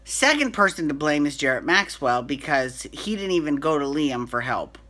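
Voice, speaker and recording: Bright-voiced recap host rambling through the week's soap drama, super opinionated. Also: medium pitch, very animated, moderate pace. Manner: chatty, opinionated, many restarts and fillers. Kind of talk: casual chat.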